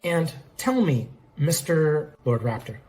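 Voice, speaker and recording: A man's voice: a little high, sing-song, slow, a little mellow, a little hiss or hum. A man doing an overeager young lawyer. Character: earnest, overeager male defense lawyer.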